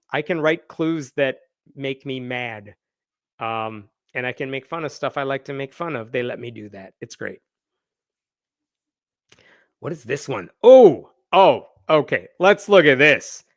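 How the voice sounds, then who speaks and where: A man's voice: fairly high pitch, a bit bright, dry recording. A man hosting a live news commentary show, blunt and sarcastic, talking close to a desk mic. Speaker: host.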